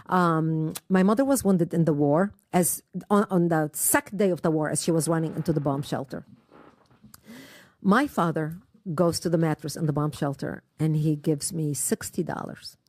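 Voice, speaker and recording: A woman's voice: low-pitched, normal speed, darkish tone, no room sound, studio quality. Earnest Lebanese-born woman telling a war story. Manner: earnest, emotional retelling with quoted dialogue. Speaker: guest speaker. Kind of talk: personal storytelling.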